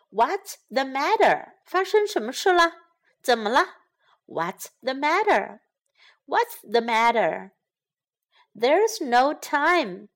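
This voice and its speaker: A woman teaching English phrases from a children's story, explaining each one and repeating it slowly. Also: fairly high pitch. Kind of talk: language lesson.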